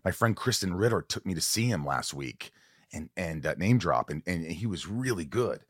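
A man's voice: sits low, lively intonation, moderate pace, husky, no echo, clean studio sound. A man hosting a casual interview podcast, who talks in a teasing, playful and rambling way. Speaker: podcast host.

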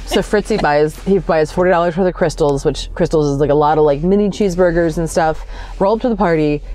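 A woman chatting casually as a podcast guest, blunt and quick to laugh, swearing freely. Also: sits low, warm tone. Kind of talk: casual chat.

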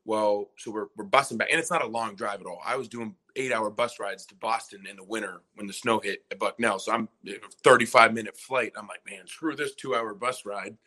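A man's voice: on the low side, brisk, hardly any pauses, bright, forceful tone, breathy edge. A young man in his twenties, a former college basketball player, telling a long story on a podcast and acting out what people said. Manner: rambling, retells scenes by quoting himself and others. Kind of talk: casual storytelling interview.

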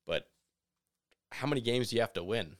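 A man co-hosting a casual sports podcast, animated and opinionated, sometimes slipping into mock voices to make a point. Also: mid-range voice, moderate pace. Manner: animated, opinionated, mimics people in asides. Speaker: podcast co-host.

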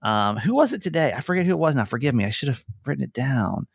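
A man with a gravelly, creaky voice co-hosts a casual podcast. He rambles, restarts his sentences and laughs easily. The sound is dry and close to the mic. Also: mid-range voice, big pitch swings, quick pace, dry recording. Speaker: podcast co-host.

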